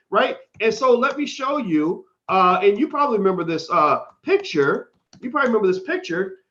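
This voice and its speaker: A man's voice: fairly high pitch, roomy sound, highs cut off. A man giving a blunt, profane, heated monologue on a livestream. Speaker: commentator.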